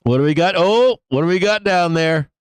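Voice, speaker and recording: A man's voice: high voice, lively intonation, moderate pace, clear, resonant tone, no room sound. A man hosting a live stock trading stream, chatting casually, swearing a lot and laughing often. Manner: profane, laughs often, rants. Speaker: stock market livestream host. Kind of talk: casual profane livestream chat.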